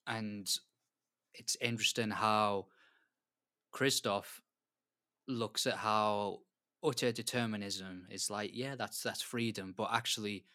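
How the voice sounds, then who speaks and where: Thoughtful English man, low voice. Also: fairly even intonation, bright, forceful tone. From England. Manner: thoughtful, halting with fillers. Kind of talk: casual faith discussion.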